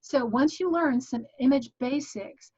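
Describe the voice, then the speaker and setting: A woman's voice: high voice, measured pace, mellow, husky, lo-fi sound. A woman guest giving an online tutorial in an earnest, encouraging teaching manner. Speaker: guest teaching graphic design.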